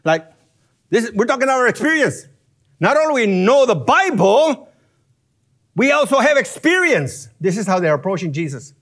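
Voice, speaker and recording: A man teaching from scripture in an expository sermon, animated and chuckling as he explains grammar step by step. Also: extremely high pitch, normal speed. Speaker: Bible teacher.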